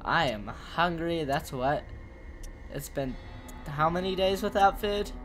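This is a game commentator talking to themselves in a slow, drawn-out way, cracking jokes and rambling as they play. The voice sits mid-range with a bright, forward edge. Soft game music hums underneath. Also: mid-range voice, expressive. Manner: jokey, rambling self-talk. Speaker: gaming commentator.

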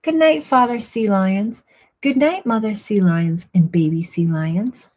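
A woman's voice: medium pitch, a little slow, a little mellow, husky. A woman voicing a sweet young sea otter pup in a bedtime storybook, calling out sing-song goodnights. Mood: eager.

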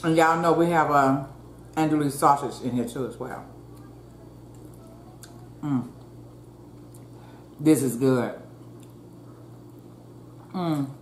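A woman's voice: low voice, steady tone, slow pace, pauses often, slight background noise. A woman hosting a mukbang, chatting in a folksy way with her viewers and murmuring "mm" between bites. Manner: murmurs while chewing. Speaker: mukbang host. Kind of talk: casual eating chat. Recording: roomy echo, faint ambience.

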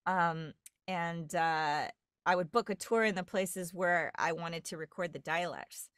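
A woman's voice: fairly low pitch, a little slow, fairly bright tone, dry recording, studio quality. A woman from New York, a dialect coach, telling stories in a rambling casual chat full of fillers and restarts. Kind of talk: casual podcast conversation.

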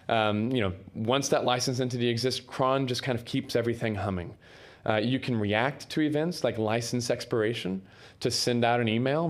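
A man giving a technical conference talk in a casual way, with many fillers and restarts. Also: medium pitch. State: coughing, throat irritation. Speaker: conference speaker. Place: conference room.

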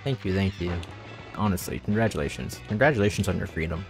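A man with a low, gravelly voice talks fast and animatedly while streaming, chatting with viewers, joking, poking fun at himself and laughing a lot. It's casual live-stream chat, with music playing in the background.

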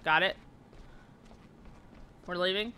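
A woman's voice: on the low side, slow pace, sharp tone, smooth. A woman streamer playing a game, reading the characters' lines aloud and joking between them.

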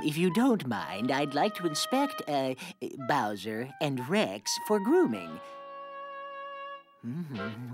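Pompous cartoon dog-show judge, low voice, slow, music under. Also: female voice, heavily acted. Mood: fussy. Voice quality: pompous, genteel. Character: prim, fussy adult dog-show judge. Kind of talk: cartoon voice acting.

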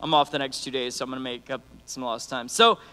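Casting: lively, bright-toned male preacher, conversational, in a reverberant church hall. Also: medium pitch, quick pace, clean tone. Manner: animated, conversational, acts out quotes. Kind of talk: sermon.

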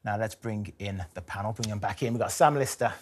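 A man hosting a live TV talk show, reading links and introducing guests in a brisk, upbeat way. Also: on the low side, a little hiss or hum. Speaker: host.

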